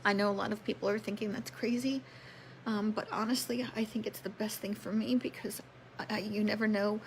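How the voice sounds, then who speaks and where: A forties-aged woman streams live about her health, greeting viewers by name and owning up to being a drama queen in her emotional, chatty telling. The mid-range voice holds a steady tone at a slightly fast pace, and the low-quality recording carries a little hiss or hum.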